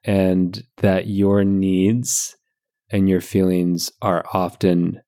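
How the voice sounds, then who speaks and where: A man hosting a podcast, a psychologist chatting playfully with his sister, often halting and restarting. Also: low voice, flat delivery, dark tone. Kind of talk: casual chat.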